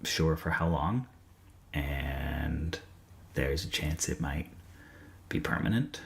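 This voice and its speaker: A man from New England, a video essayist, gives a scripted personal update in a hesitant, soft-spoken way with many fillers. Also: very deep voice, takes it slowly, vocal fry, breathy edge.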